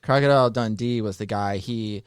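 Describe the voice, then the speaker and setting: A man hosting a podcast in casual chat, jokey and quick to laugh. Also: lowish voice, clear, resonant tone, dry recording, studio quality. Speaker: podcast host.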